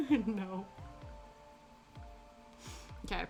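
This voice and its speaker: A woman's voice: sits high, very animated, extremely slow, pauses often, pushed and bright. A British woman streaming a crafting session, chatting casually and reacting to her chat with frequent laughs. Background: faint background music.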